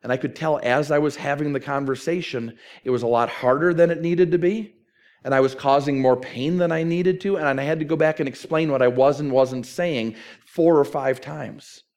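Pastor, male, middle-aged, fairly high voice, talks to the congregation in a relaxed way and leans on emphasis. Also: moderate pace. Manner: conversational preaching with emphatic repeated phrasing. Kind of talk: sermon.

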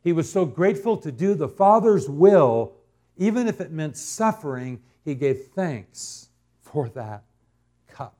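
Man preaching slowly with emphasis. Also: on the high side, very animated, mellow. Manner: slow, emphatic preaching with dramatic repetition. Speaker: pastor. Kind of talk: sermon.

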